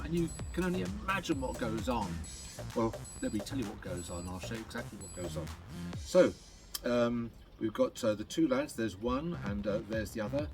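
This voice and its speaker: A man, a magician, talking through card tricks in a chatty, playful way, counting cards aloud as he goes. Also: lowish voice. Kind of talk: patter while performing card tricks.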